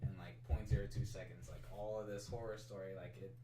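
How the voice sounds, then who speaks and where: A man's voice: lowish voice, flat delivery, fast talker, distant mic, noisy background. Rambling man retelling a story, echoey. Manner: rambling, full of "like" and swearing. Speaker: co-host. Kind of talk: casual chat, retelling a story.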